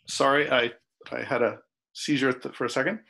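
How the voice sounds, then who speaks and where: A man's voice: mid-range voice, fairly even intonation, normal speed, vocal fry, sharp tone. A man playing a tabletop game, speaking hesitantly and politely in character. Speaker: player.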